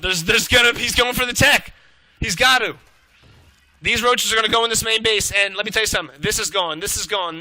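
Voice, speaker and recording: Brief: male esports caster, high and very bright voice, excitable, profane play-by-play. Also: poor audio. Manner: excitable, swearing, rapid reactions. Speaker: esports shoutcaster. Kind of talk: live play-by-play game commentary.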